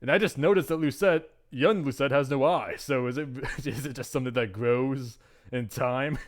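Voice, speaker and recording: A man's voice: medium pitch, normal speed. A man giving casual, joking commentary while reading a visual novel, rambling with fillers. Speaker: let's play host.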